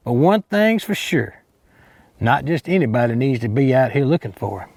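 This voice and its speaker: An actor playing a bumbling, boastful redneck Bigfoot hunter with an Alabama Southern drawl, rambling and cocky in a mock outdoor show. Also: male voice, mid-range voice, sing-song, moderate pace, vocal fry, darkish tone, no room sound. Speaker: hunting show host character.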